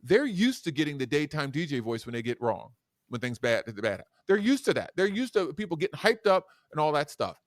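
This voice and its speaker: A man who is a guest educator and speaker on a podcast interview, talking in an animated, demonstrative way that swings between loud and soft. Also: on the high side, brisk, no echo, studio quality.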